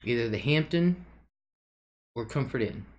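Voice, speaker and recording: A woman's voice: very deep voice, lively intonation, measured pace, darkish tone. A woman hosting a casual livestream, chatting loosely, reading viewer comments aloud and laughing often. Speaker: livestream host.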